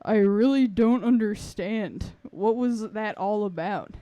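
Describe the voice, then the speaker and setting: A woman's voice: mid-range voice, takes it slowly, warm tone, no room sound, highs cut off, lightly acted. A woman voicing an oblivious, puzzled man who speaks hesitantly. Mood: bewildered. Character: oblivious bewildered adult man.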